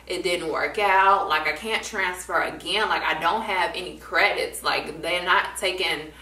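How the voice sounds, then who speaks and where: A woman's voice: lowish voice, unhurried. A young woman vlogger telling a story in a casual chat, acting out the people she quotes. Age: young adult. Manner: animated, acts out quoted people in different voices. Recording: echoey room, voice from a distance.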